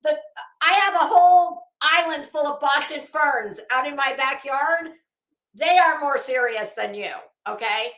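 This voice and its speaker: A woman's voice: sits high, unhurried, a bit bright. Catty, sarcastic woman streamer, roomy echo. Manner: catty, sarcastic, swears freely. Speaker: livestream host. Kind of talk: live-chat gossip commentary.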